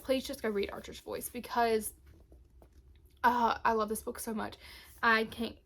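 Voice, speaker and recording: A woman's voice: a little high, level tone, measured pace, a bit bright. A young woman, chatting to camera about books she loved, gushing and emotional, dropping to a whisper at times. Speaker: booktube vlogger. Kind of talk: casual book review chat.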